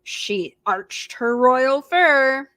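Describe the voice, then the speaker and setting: A woman librarian reading picture books aloud to preschoolers in an animated, expressive way, gasping and making animal noises. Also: high-pitched, very slow, no room sound. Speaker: children's librarian hosting storytime.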